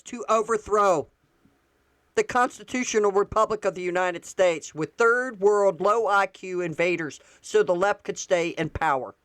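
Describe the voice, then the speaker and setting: A woman's voice: fairly low pitch, dry recording. A woman vlogging political commentary, reading excerpts aloud and reacting, heated and indignant, repeating lines for emphasis.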